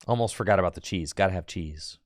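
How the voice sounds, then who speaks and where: A man's voice: low voice, quick pace, no room sound, studio quality. A man streaming a card game live, chatting casually and joking back at viewers in his chat.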